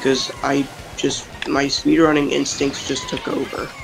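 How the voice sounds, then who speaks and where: A man's voice: mid-range voice, wildly swooping pitch, unhurried, gravelly, background noise. A man streaming a kart-racing game, chatting casually and rambling over voice chat.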